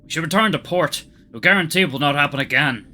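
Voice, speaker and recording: A man voicing a gruff male ship engineer with a Norwegian accent and clipped, broken phrasing. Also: a little high, expressive, quick pace, sharp tone. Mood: curt.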